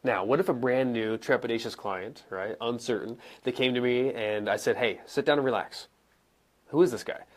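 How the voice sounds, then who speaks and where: A young adult man coaching live viewers in a casual, conversational way, acting out examples with pauses and emphasis. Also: medium pitch. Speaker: coach and speaker answering viewer questions. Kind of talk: live-streamed teaching. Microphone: camera mic, moves around and sits back down.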